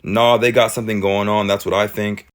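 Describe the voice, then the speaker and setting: A man giving reaction commentary to viewers, animated and full of rhetorical questions. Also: on the low side, fairly quick. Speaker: commentary creator reacting to clips.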